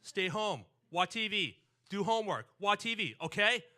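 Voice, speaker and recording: A man voicing a worried, strict mother who shouts short scolding orders. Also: mid-range voice, expressive, moderate pace, pitched above the performer's own voice.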